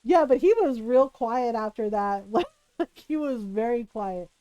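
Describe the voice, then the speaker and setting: A woman streamer casually telling a story to her live chat, animated and laughing often, checking in with "right?". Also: on the high side, measured pace, dry recording, muffled recording.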